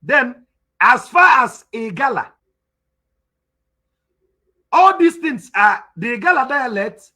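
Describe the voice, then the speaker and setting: Igbo-accented Nigerian man, teacher type, very high forceful voice, hammers his points home. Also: very animated, takes it slowly, long pauses. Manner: emphatic, repeats points, asks rhetorical questions. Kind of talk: spoken lecture.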